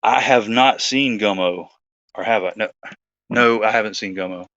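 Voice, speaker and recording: A man's voice: fairly low pitch, moderate pace, a bit bright, no room sound, lo-fi sound. A man, hosting his own show, telling a story in a rambling, laid-back chat full of fillers. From Georgia, USA. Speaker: host.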